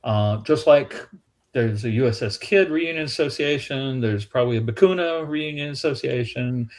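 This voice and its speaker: A man's voice: mid-range voice, moderate pace. A man with a Southern US accent, a museum staffer, chatting casually and telling rambling historical anecdotes with restarts. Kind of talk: casual storytelling chat.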